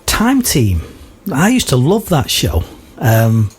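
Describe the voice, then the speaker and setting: A male radio presenter chatting casually and cutting in with lively questions to his guest. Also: medium pitch, slow pace, breathy edge.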